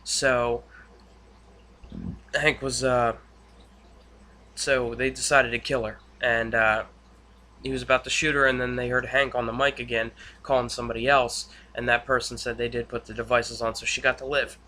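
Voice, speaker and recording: A man's voice: mid-range voice, level tone, normal speed, sharp tone. A young man recapping a TV episode in casual, rambling speech with many fillers and restarts. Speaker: YouTube reviewer.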